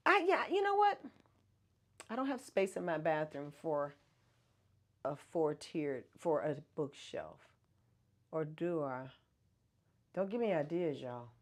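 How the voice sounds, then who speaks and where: Chatty woman, low voice. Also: sing-song, takes it slowly, pauses often. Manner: chatty, answers viewer comments, laughs often. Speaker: host of a hair care brand livestream. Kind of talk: casual livestream chat.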